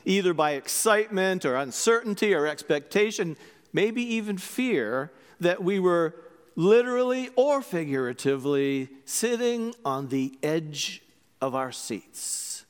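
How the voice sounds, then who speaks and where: A man leads worship and preaches in a church, his high voice trailing off into a long reverb. He talks slowly and deliberately, bringing his stories to life with lively voices for the characters. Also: smooth. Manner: animated storytelling, acts out voices. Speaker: priest. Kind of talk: sermon.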